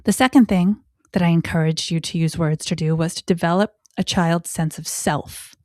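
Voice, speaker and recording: A woman who is a parenting educator hosts a talk show podcast on child communication, speaking expressively with sudden pitch jumps and whispered asides. She slows down deliberately to stress key words, and the recording is studio quality with no echo.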